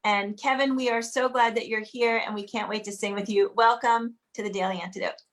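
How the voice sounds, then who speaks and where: A woman's voice: medium pitch, fairly even intonation, fairly quick, fairly bright tone. A woman host welcoming a guest over a video call, with hesitant fillers in her questions.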